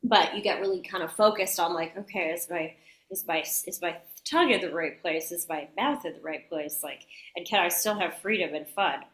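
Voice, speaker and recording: A woman voice actor chatting as a guest in an interview, bubbly and quick to laugh. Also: on the low side, a bit bright, roomy sound. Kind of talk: casual interview chat.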